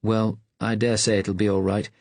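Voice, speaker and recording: A man doing an elderly porter leaning on his window ledge, gossiping with gloomy relish about past patients, his low, husky voice falling into easy, confiding chatter. The sound is close and dry. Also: little pitch movement, normal speed, darkish tone, no echo. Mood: gossipy. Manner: chatty, relishes grim stories.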